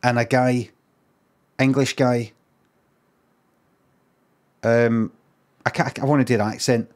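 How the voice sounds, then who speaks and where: Glaswegian man, live-stream chat, dry rambling storyteller, restarts and swears, mid-pitched voice. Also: fairly even intonation, slow pace, long pauses, a little mellow. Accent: Scottish, Glaswegian. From Scotland. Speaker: livestreamer.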